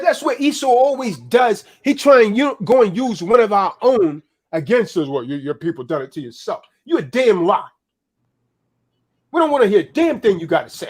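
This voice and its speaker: A man delivering a heated, profane political rant in a preaching manner, tagging "man" onto his lines. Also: very high-pitched.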